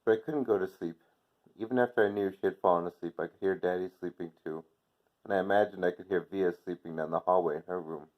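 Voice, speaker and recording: Teacher read-aloud: deep male voice, gentle unhurried storybook narration, dull lo-fi sound. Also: fairly even intonation. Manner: gentle, unhurried reading with soft quoted dialogue. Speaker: teacher reading aloud to class. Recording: dull lo-fi recording.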